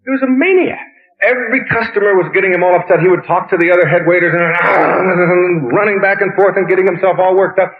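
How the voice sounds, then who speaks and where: A middle-aged man giving a motivational talk with lively, playful storytelling and rhetorical questions. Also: high-pitched, fast. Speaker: motivational speaker. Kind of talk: talk to an audience. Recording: tinny phone-like old radio recording.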